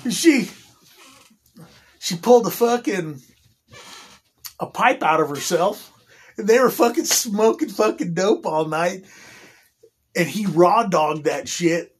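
A man's voice: sits high, expressive, slow, pauses often, breathy edge. A man casually telling a long story, swearing constantly, laughing often and restarting his sentences. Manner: profane, laughing, rambling with many restarts.

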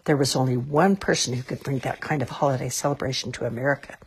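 A woman reading a children's storybook aloud in an expressive, lilting way. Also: extremely low pitch, fast talker, slight background noise.

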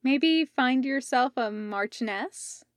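A woman's voice: sits high, slow, no echo, clean studio sound. A woman voicing a carefree young male musician, slurring and drunk in a storybook reading. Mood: teasing.

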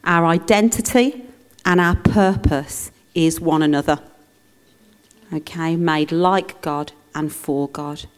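A woman preaching a conversational sermon in church, teaching with humour and playful asides. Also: lowish voice.

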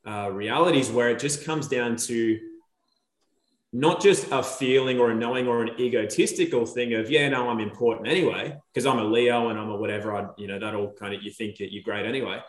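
A man's voice: mid-range voice, a little fast, echoey room. A man chatting casually as a podcast guest, telling a story and acting out the dialogue in it. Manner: animated storyteller, acts out quoted dialogue. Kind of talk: casual chat.

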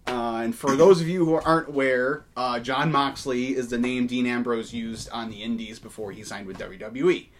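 A man's voice: medium pitch, fairly even intonation, normal speed, few pauses, slight background noise. A man co-hosting a casual wrestling news podcast, talking with many fillers and false starts. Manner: hesitant, many fillers and restarts. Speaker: podcast co-host.

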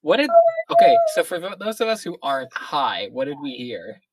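A player chatting during a tabletop game, playful and quick to laugh. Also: mid-range voice, wildly swooping pitch, very noisy. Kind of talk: tabletop role-play chat.

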